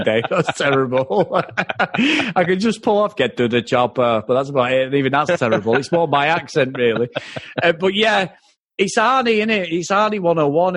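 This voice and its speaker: A man's voice: fairly high pitch, a bit bright, no echo. A man co-hosting a casual film review podcast, blunt and jokey, tagging his points with questions. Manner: conversational, full of tag questions, blunt and jokey. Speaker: podcast co-host.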